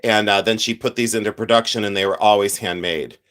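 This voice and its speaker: A middle-aged jewelry collector hosting a casual livestream chats and rambles, thanks viewers often, and sounds congested from his sinuses. His lowish voice is a bit bright, brisk, with fairly even intonation.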